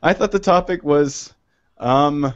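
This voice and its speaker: A man's voice: a little high, measured pace, dull audio. A man joking and riffing with others during a group video commentary, laughing often. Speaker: guest commentator.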